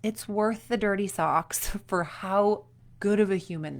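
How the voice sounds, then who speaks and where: A woman's voice: mid-range voice, unhurried. Chatty woman coach in her 30s, upbeat pep talk for young athletes, acts out quotes. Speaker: performance coach.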